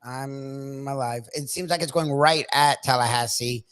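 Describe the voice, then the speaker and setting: A man's voice: mid-range voice, steady tone, measured pace, a bit bright, clear, resonant tone. A man co-hosting a morning radio show, laid-back and casual, who laughs easily and swears offhandedly. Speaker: radio co-host.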